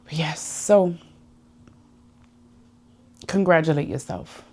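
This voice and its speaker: A woman's voice: low voice, slow pace, a little mellow. A woman hosting her own podcast, talking through personal growth in a heartfelt, confiding monologue. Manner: heartfelt, confiding, emotional at times. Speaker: podcast host.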